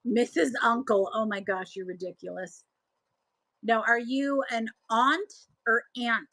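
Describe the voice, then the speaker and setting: A middle-aged woman with a Buffalo, New York accent hosts a casual seller livestream, chatting as she reads viewer comments aloud and answers them. Her fairly high, fairly bright voice is unhurried, and she rambles, trails off, and restarts sentences. The recording is rough with no room sound.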